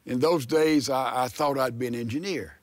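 A man's voice: mid-range voice, moderate pace. A man preaching a sermon, a folksy storyteller who turns to fervent exhortation. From American South.

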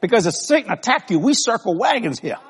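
A high-voiced man talks fast, his words carrying a long hall reverb. As pastor in a church sanctuary, he preaches a sermon full of animated, folksy stories and lots of laughter.

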